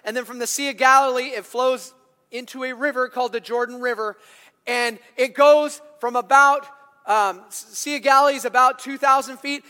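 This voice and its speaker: A male pastor giving an animated sermon in a church, building to loud, emphatic bursts. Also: extremely high pitch, clean tone, big-room sound.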